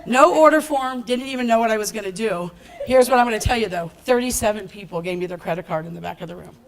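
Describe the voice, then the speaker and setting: Woman, event speaker, slightly high voice, animated, laughs often, storytelling. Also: fast, vocal fry, poor audio. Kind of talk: motivational stage talk with storytelling. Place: event stage before a live audience.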